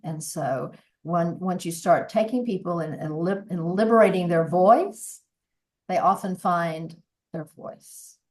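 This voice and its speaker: Speaking in a low voice and without hurry, a voice coach in her sixties reflects earnestly as a guest on a podcast. It's a conversational interview, and she regularly restarts her sentences.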